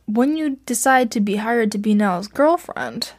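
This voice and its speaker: Young woman, higher voice, casual rambling monologue, self-deprecating, filler-heavy, home mic. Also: expressive, unhurried. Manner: chatty and self-deprecating, laughs often, many fillers. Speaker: podcast host reviewing fan fiction. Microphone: home mic she adjusts herself.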